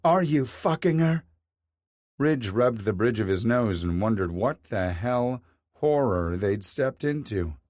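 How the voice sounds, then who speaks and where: A man narrating a story in a measured, even reading voice. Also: fairly low pitch, no echo, studio quality. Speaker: audiobook narrator. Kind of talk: scripted narration.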